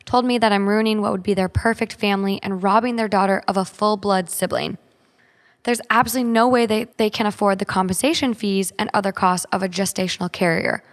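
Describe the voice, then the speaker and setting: Woman podcaster in a reverberant room. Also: mid-range voice. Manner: reads steadily, then chats with frequent "like". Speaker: podcast co-host. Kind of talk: reading a listener's story aloud, then casual chat. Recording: long hall reverb.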